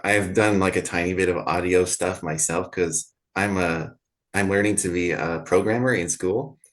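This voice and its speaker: A man with a low voice chats as an interviewer, friendly and loose, circling around his questions before asking them. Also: normal speed. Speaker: interviewer, author.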